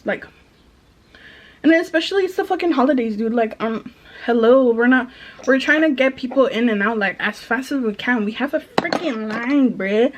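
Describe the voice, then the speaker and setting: A woman's voice: on the high side, moderate pace. A young adult woman telling a frustrated, casual storytime about a retail job, swearing freely. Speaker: vlogger, retail manager.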